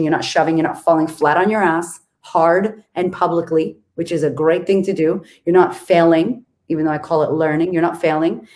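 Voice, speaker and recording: A woman's voice: sits low, a little mellow. A woman on a video call, a guest author in casual chat, blunt and emphatic, swearing freely.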